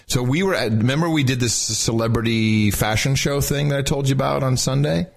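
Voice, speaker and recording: A man's voice: medium pitch, fairly quick, gravelly. A man co-hosting a podcast, chatting casually and joking with lots of restarts. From Texas. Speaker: podcast co-host. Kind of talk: casual chat.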